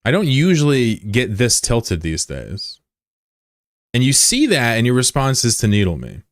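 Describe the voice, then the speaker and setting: A man's voice: medium pitch, wildly swooping pitch, measured pace, dry recording, studio quality. A man livestreaming, talking casually to his chat and bluntly, heatedly scolding a viewer. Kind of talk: casual live-stream talk to chat.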